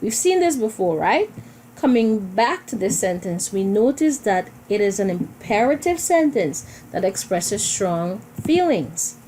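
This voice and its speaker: A woman teacher talks students through a recorded lesson slowly and patiently, going over each point more than once. Her voice is mellow and warm, and her pitch rises and falls with a lively lilt. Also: a little hiss or hum, low-quality recording. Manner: slow, patient, repetitive explaining to students.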